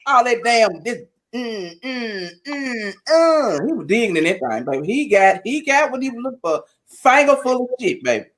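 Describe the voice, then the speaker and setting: A man in casual podcast chat, telling stories in a blunt, profane, animated way. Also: very high-pitched, brisk, hardly any pauses.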